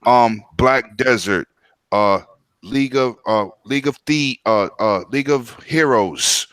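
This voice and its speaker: A man's voice: medium pitch, a little slow, fairly bright tone, clean tone, dry recording. A man from New York co-hosting a casual podcast, making points in an emphatic, argumentative way. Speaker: podcast co-host.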